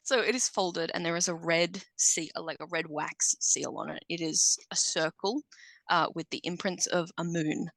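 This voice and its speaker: A woman's voice: fairly low pitch, normal speed, fairly bright tone, no echo. A woman narrating as game master of a tabletop game, casual in rules talk and lyrical when she sets the scene. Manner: descriptive, casual with fillers, lyrical in scene-setting.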